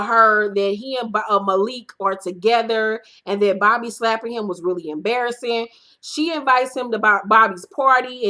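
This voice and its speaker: A woman hosting her own show, giving a blunt, profane, sassy recap of a reality TV episode. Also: pushed and bright. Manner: acts out her own reactions in a high voice. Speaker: host.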